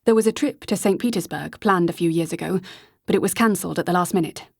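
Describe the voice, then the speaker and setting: A woman narrator voicing a young, well-bred man who speaks in a measured, matter-of-fact way. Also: sits high, vocal fry, dry recording, clean studio sound. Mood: careful. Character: young well-bred Englishman, earnest and careful.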